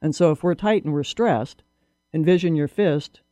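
A man on a radio show in a studio, calmly explaining things step by step and asking guiding questions. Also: a little high, normal speed, no room sound. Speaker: massage therapist guest. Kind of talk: casual explanatory chat.

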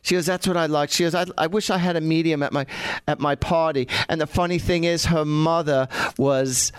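A man's voice: on the high side, fairly even intonation, a little fast, clear, resonant tone, no echo. A man hosting a psychic talk radio show, telling rambling stories in a put-on English accent, full of fillers and restarts. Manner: rambling, chatty storytelling with filler words and restarts. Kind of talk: casual talk radio chat.

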